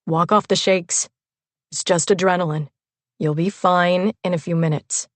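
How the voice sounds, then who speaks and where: Woman doing calm young man, protective, reassuring, lowish voice, audiobook. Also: moderate pace, no room sound, lightly acted.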